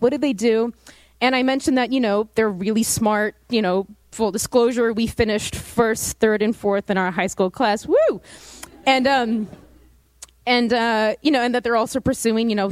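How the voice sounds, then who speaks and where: A woman's voice: fairly high pitch, moderate pace, few pauses, no echo, low-quality recording. Chatty young woman telling a story. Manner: animated, chatty, lots of fillers. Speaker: student speaker. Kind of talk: storytelling talk to an audience.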